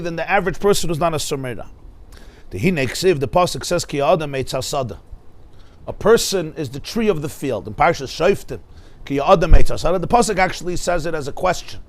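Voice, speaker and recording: A man teaches a Torah class in a fairly high voice. He talks in an animated way, asks his listeners rhetorical questions and weaves Hebrew and Yiddish terms into his English.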